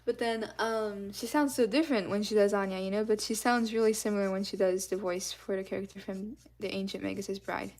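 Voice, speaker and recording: A woman's voice: mid-range voice, steady tone, a little fast, few pauses, a little mellow. A woman streaming live as she colors, chatting in a rambling, casual way and thanking her viewers often.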